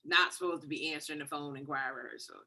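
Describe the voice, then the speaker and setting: A woman's voice: low voice, fast. A middle-aged woman from Detroit, a guest songwriter, telling a story in casual talk over a video call and acting out the voices she quotes. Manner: animated, acts out quoted voices.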